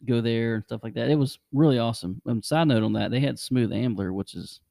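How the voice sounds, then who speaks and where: A man's voice: medium pitch, a little fast, gravelly, warm tone, no echo, studio quality. A man hosting a podcast, rambling casually through travel stories and chuckling often. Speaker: podcast host. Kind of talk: casual chat.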